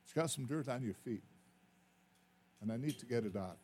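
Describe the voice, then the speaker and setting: A man preaching, voicing a gentle, patient male savior in a calm, reassuring way. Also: mid-range voice, normal speed, slightly rough.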